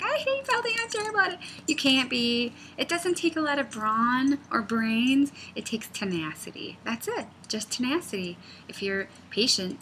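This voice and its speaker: A woman's voice: fairly high pitch, a bit bright, a little hiss or hum. A woman knitting designer chatting casually, rambling off on tangents and often dropping to a near-whisper. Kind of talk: casual vlog chat.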